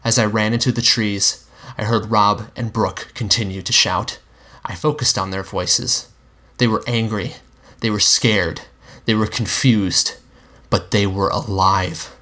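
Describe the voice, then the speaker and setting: A man giving a measured, grave first-person story reading. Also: fairly low pitch, steady tone, pushed and bright. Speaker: story reader.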